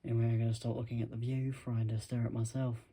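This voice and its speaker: A man talking casually to his camera at home, rambling and self-deprecating, in a musing, soft-spoken way. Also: mid-range voice, little pitch movement, quick pace, breathy edge. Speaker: vlogger.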